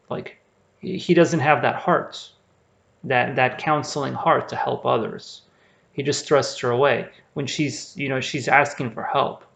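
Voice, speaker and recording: A man's voice: medium pitch, creaky, fairly bright tone. A man teaching a Bible passage in a loose, rambling way, with lots of fillers and restarts. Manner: rambling, filler-heavy, conversational. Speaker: preacher. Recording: dull lo-fi recording.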